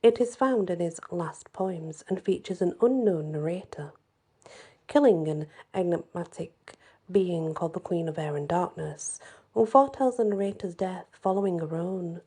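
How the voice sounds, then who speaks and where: A woman acts as a storyteller, reading old fairy ballads and folklore aloud in a gentle, unhurried way and sometimes dropping into a soft whisper. Her voice is husky and sits on the low side.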